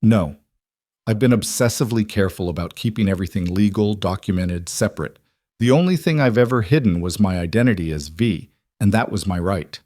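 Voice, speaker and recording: A man voicing a composed, guarded businesswoman who answers in a careful, measured way in an audio story. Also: on the low side, darkish tone, no echo, lightly acted.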